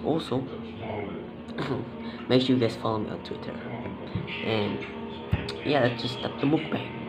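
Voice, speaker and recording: A man's voice: medium pitch, slow, loud music behind the voice, poor audio. A young man hosting a casual eating vlog, rambling and hesitant with lots of fillers. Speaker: vlogger.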